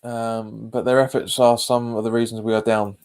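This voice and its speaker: A man talking through a live football watch-along, mid-pitched and relaxed. He chats casually, reacts to the match and to his viewers' comments, and calls them "mate," all picked up by a webcam. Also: moderate pace. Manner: casual, says "mate" often. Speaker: host of a football fan channel.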